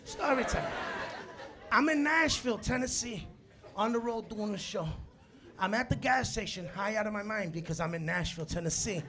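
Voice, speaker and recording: A man doing a live stand-up set, telling stories with animated bursts of shouting and Spanish phrases mixed in. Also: high voice, moderate pace. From Latino background. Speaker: stand-up comedian. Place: comedy club stage. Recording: live club with loud crowd laughter. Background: audience laughter.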